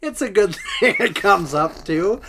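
A man putting on a hockey player's voice in a wandering mock Swedish accent, higher and louder than his usual voice. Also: very animated, unhurried, full character voice. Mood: mock-earnest. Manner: mock accent sliding between Swedish, Italian and Minnesotan.

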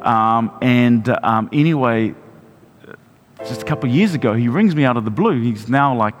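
A man's voice: mid-range voice, normal speed. A man, a pastor preaching a sermon and telling a personal story, often restarting and repeating his words. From New Zealand. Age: 40s. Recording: long hall reverb with music behind.

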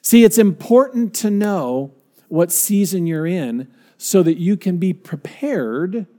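A man's voice: high voice, expressive, slow, mellow. A male pastor preaching a sermon in a conversational, storytelling way, asking the congregation questions.

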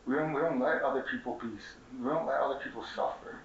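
A young man gives a fiery, profane activist speech to a conference audience, repeating himself and throwing questions at the crowd. His voice sits at an ordinary pitch and comes from a distance in an echoey hall. The recording sounds dull and slightly muffled. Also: fairly even intonation, fast, a little hiss or hum. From Mexican heritage, Chicago. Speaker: community organizer speaking at a conference.

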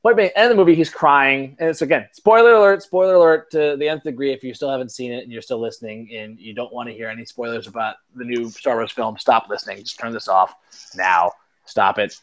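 A man's voice: medium pitch, fast. A man hosting a podcast in casual chat, telling rambling, self-mocking stories and swearing casually. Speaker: podcast host.

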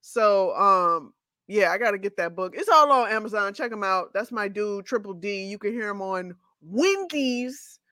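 A woman's voice: mid-range voice, normal speed, no room sound, studio quality. Laughing woman co-hosting a podcast. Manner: laughs often, relaxed, many fillers. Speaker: podcast co-host. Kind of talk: casual chat.

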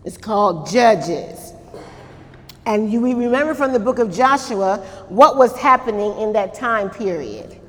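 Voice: mid-range voice, expressive, a little slow, in a large hall. A Bible study teacher leading a church class, asking the group questions, answering them, and adding frequent amens.

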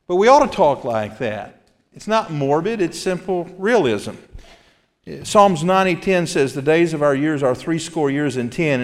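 A man's voice: mid-range voice, big-room sound. A male pastor giving an earnest sermon from the pulpit and reading scripture aloud. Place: church sanctuary.

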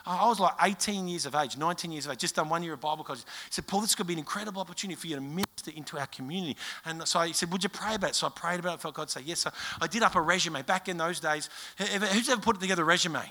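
Australian male pastor, middle-aged, high bright voice, emphatic storytelling sermon. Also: rapid-fire. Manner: animated storytelling, emphatic, with many restarts.

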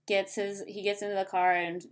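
A woman's voice: mid-range voice, flat delivery, brisk. A young woman co-hosting a casual chat, playfully chiming in and finishing her partner's sentences.

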